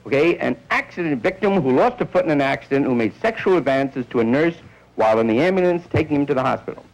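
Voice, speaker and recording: A man performing a rambling stand-up routine, slipping into quick character bits, on an old recording. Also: on the high side, lively intonation, poor audio. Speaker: stand-up comedian.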